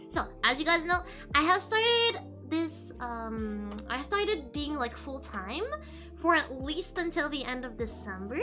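A woman's voice: high voice, very animated, a little slow, sharp tone. A woman streaming live, chatting casually with her viewers in a giggly, playful way, rambling with many restarts. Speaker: VTuber streamer. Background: faint background music.

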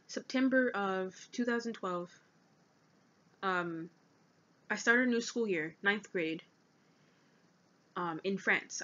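An eighteen-year-old woman vlogging about her own life, speaking earnestly and haltingly as she reads from notes. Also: mid-range voice, fairly bright tone, slight background noise. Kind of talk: personal confessional vlog. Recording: dull lo-fi recording.

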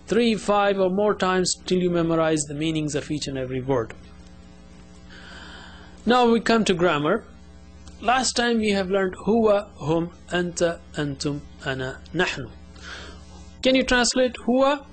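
High-voiced man drilling a children's lesson. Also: rough recording. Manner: slow, repetitive call-and-response drilling. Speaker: teacher.

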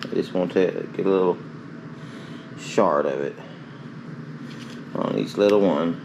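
Chatty low-voiced man cooking at home. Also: a little slow, creaky, background noise. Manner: chatty, rambling, self-talk while cooking. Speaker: cooking ASMR host. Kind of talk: casual cooking chat.

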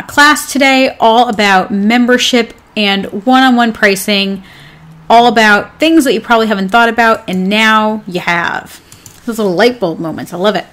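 A woman with a slightly high, fairly bright voice coaches pet groomers in a casual live class from home, her dog nearby. She's chatty and upbeat, rambling along with plenty of filler words.

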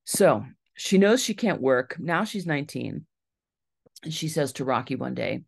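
A woman author's husky, low voice, marked by vocal fry, moves a little slowly through a true story at a library talk. Animated throughout, she gives each character in the story their own voice.

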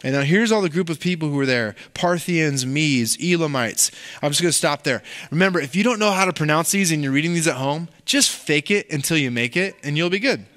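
Animated pastor preaching in church. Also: male voice, a little high, fairly quick, few pauses. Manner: conversational, animated preaching with asides. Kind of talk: sermon.

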